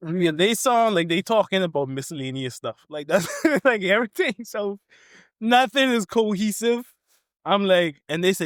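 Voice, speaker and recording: A man co-hosting a podcast with a high, lively voice that swoops around a lot. He teases his friends playfully. The mic is dry and close. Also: normal speed, dry recording. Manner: playful, teasing, laughs often. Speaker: podcast co-host. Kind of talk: casual chat.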